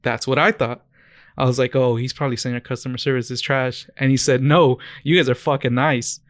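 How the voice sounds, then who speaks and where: A young man co-hosting a casual podcast, telling stories in a smooth, clear voice. He rambles and corrects himself as he goes, and the dry sound keeps him close to the mic. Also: mid-range voice, fairly even intonation, a little fast, no room sound. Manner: rambling, many restarts and self-corrections. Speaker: podcast co-host. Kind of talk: casual chat.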